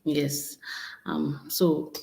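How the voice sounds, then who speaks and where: A woman from Nigeria talks casually to her live-stream viewers. Her voice sits low with a gravelly fry. She greets people directly and keeps asking them to follow her. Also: flat delivery, very slow, dark tone, poor audio.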